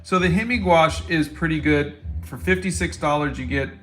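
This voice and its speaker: A middle-aged man, an artist answering viewer questions in a relaxed, casual livestream chat. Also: on the high side, moderate pace, faint music behind. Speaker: artist and show host.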